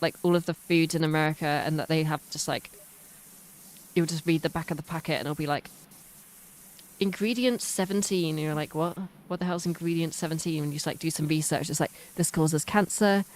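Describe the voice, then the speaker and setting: A British woman streaming a game, chatting casually in rambling, self-mocking tangents. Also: deep voice. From United Kingdom. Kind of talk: casual chat while playing a game.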